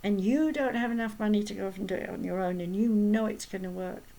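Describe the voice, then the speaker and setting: A woman's voice: medium pitch, fast talker, warm tone, poor audio. A woman medium and healer talking casually, telling stories and tossing in rhetorical asides. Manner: chatty, storytelling, with rhetorical asides. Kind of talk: casual spoken talk.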